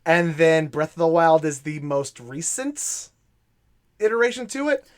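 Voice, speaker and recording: A man's voice: a little high, very animated, measured pace. A man co-hosting a casual podcast, joking and swearing with incredulous reactions. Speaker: podcast co-host.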